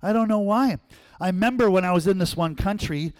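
A male pastor preaching a sermon in church, telling stories and acting out voices, swinging between loud and hushed. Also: high-pitched, brisk. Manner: animated storyteller, acts out quotes, swings from loud to hushed.

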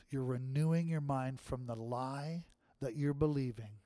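Preaching in a church, this man has a medium-pitched, warm voice and an unhurried delivery. His style is conversational, with frequent "right?" checks to the crowd, and he ends by leading a closing prayer.

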